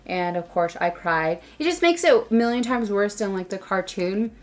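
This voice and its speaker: A woman's voice: medium pitch, animated, moderate pace. A young woman chatting casually through a makeup tutorial, rambling and saying "like" a lot. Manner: chatty, rambling, says "like" often. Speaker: beauty vlogger.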